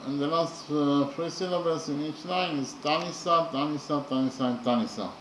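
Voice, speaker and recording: A man explains a poem in a slow, careful lesson. He pauses often and spells out letters one at a time. His voice is fairly high, and the recording sounds roomy, with faint background noise. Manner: halting and deliberate, with frequent pauses and "uh".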